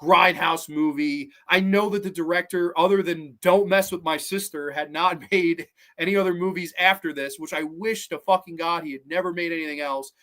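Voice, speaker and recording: A man hosting a show that reviews horror films, talking in an animated, profane way with many fillers and restarts. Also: fairly high pitch, moderate pace, hardly any pauses. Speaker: podcast host reviewing films. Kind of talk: casual film review monologue.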